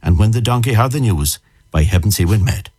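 An Irish man co-presenting a radio show, chatting and reciting a comic ballad in a lively storytelling way. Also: lowish voice, brisk, breathy edge.

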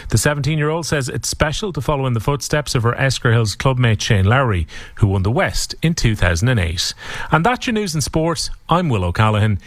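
A man reading the sport news on radio in a steady, measured way. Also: medium pitch, no room sound. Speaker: sports newsreader. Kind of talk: scripted sports bulletin.

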